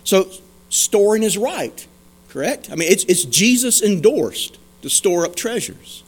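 A man's voice: sits high, very animated, measured pace, slightly rough. A man preaching a sermon as pastor, earnest and emphatic, posing questions and answering them himself.

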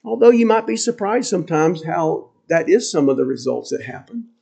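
Man, pastor, high voice, sermon, earnest, emphatic, repeats phrases. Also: big pitch swings, moderate pace, vocal fry, warm tone, breathy edge.

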